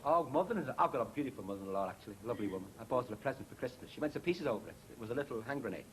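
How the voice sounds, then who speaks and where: A man's voice: mid-range voice, expressive, rapid-fire, heavy background noise. A man on a comedy panel telling a long joke in a chatty, rambling way. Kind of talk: telling stand-up jokes.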